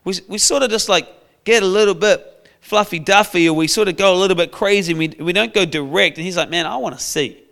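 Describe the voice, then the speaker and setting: A man preaching a sermon, telling a Bible story in a playful, lively way. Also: high voice, fast. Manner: storytelling, playful, acts out characters with shouts.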